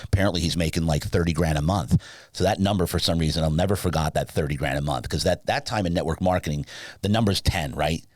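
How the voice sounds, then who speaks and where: A very low-voiced man tells a rambling personal story as a podcast guest. He gets animated and jumps his voice way up when he acts out dialogue. The sound is dry and close, with no room echo. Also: quick pace. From Southern California. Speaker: podcast guest, sleep business founder. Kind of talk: casual storytelling interview.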